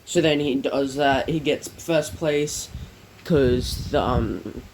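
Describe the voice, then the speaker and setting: A man's voice: medium pitch, takes it slowly, slight background noise, poor audio. A man casually narrating a fan-made story, rambling with many fillers and self-corrections.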